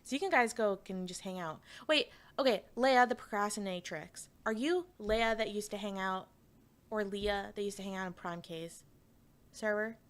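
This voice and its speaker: At a medium pitch and normal speed, a young Canadian woman tells her stream chat a story. It comes out rambling and full of laughter, fillers and restarts.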